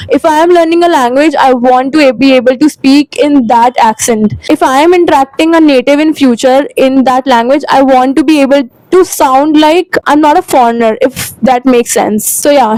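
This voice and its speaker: A woman's voice: high-pitched, darkish tone, dry recording, low-quality recording. A young woman with an Indian English accent giving earnest, chatty advice in a vlog, now and then slipping into Hindi phrases. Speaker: language-learning vlogger.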